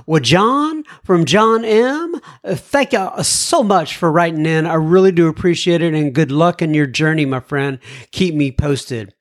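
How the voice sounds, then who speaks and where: A man hosting a podcast who reads listener emails aloud slowly and earnestly, stopping to comment and thank each writer. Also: fairly high pitch. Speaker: podcast host.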